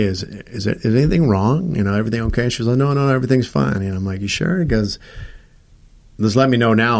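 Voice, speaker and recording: A man sharing a personal story in casual conversation, acting out the dialogue of the people in it with frequent restarts. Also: lowish voice. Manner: acts out quoted dialogue, many restarts. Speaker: host telling his own story.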